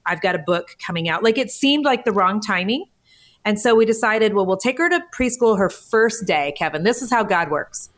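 A woman's voice: medium pitch, animated, normal speed. A woman in her forties talks as a guest on a podcast. She tells her story with a lot of feeling and sounds close to tears. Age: 40s. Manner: emotional, tearful storytelling. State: tearful. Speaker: guest author. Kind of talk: podcast interview.

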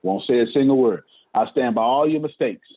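A business leader hosts a team meeting on a video call, giving a motivational talk in casual slang and emphatically repeating his points. His voice is medium-pitched, brisk, and slightly breathy. The call audio sounds tinny, like a phone.

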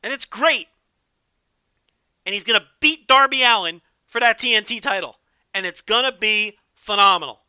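Man, podcast host, high bright voice, dry close mic, profane and joking. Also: a little fast, clean tone, no room sound. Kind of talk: solo wrestling podcast commentary.

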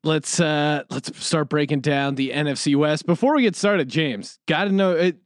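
Male podcast host, light banter, slightly raised pitch, dry close mic. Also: no echo. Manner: laughs often, quick banter. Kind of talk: casual sports chat.

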